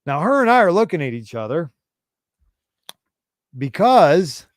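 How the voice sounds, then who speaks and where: 40s dude rambling through a story on his stream, swears a lot, kinda high voice, dry mic. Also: a little slow, dry recording. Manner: rambling, profane, animated. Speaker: livestream host. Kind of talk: casual storytelling on a livestream.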